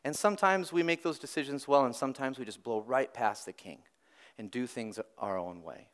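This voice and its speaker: A man preaching a weekend sermon, lively and conversational, with restarts and dramatic swings between loud and soft. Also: mid-range voice, a little fast. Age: adult parent. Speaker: pastor.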